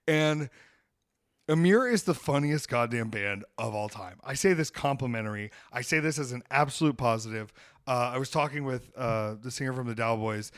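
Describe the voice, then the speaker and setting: A man hosting a podcast, telling a story in casual chat, animated and swearing freely as he acts out what people said. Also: medium pitch, dry recording, clean studio sound. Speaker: podcast host.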